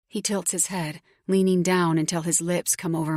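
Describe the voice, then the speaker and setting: Woman narrating a romance audiobook, lowish voice. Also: flat delivery, moderate pace, few pauses, a little mellow, no echo, studio quality. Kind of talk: first-person scripted narration.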